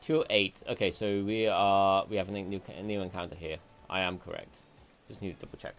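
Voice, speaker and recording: A man's voice: low-pitched, flat delivery, normal speed. A man giving casual commentary while playing a video game, thinking aloud and muttering to himself. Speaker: gameplay streamer.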